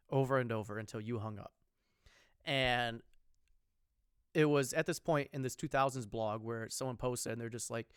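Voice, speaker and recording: A man's voice: mid-range voice, normal speed, clean tone, no echo, studio quality. A man co-hosting a podcast, telling a story in casual chat, rambling with lots of ums, restarts and swearing. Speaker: podcast co-host.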